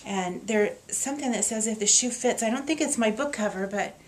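A woman's voice: a little high, fairly quick, slight background noise. Woman gushing and choked up on camera. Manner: emotional, gushing, laughs and gets choked up; reads a letter aloud. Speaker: author opening reader gifts. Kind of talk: casual video to readers.

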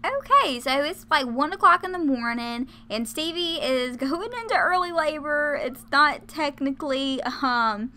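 A woman's voice: sits high, animated, measured pace, hardly any pauses, sharp tone. A woman casually commentating her life-sim game, chatty and laughing often. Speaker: let's play host.

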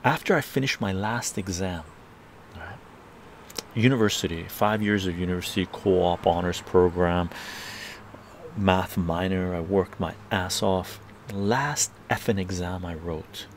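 A man's voice: sits low, a little slow, creaky, slight background noise. A middle-aged man from Canada casually telling a rambling story on a live stream, tagging his sentences with "right?".

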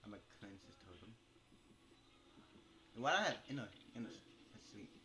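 A young man giving casual gameplay commentary, talking to himself with animated, incredulous outbursts. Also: fairly low pitch, normal speed, background noise. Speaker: gaming video creator. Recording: loud game sound underneath.

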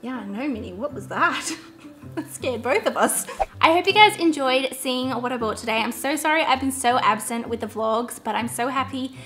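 A woman's voice: sits high, lively intonation, normal speed, over music. A young woman chatting in a bubbly, giggly way through a casual shopping haul vlog. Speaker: vlogger.

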